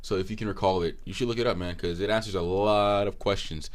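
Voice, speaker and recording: Deep-voiced young man telling a story. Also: steady tone, quick pace. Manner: laid-back, slangy, storytelling. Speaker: podcast co-host. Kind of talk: casual chat. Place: small room at a table.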